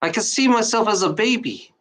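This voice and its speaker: A woman from Germany giving an emotional unscripted monologue, out of breath and talking in halting, restarting bursts. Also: medium pitch, animated. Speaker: channel host.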